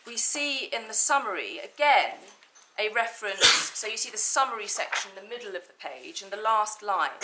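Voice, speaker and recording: A woman barrister making a formal legal argument to judges in a courtroom, measured and precise, stressing key words. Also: medium pitch, lively intonation, noisy background.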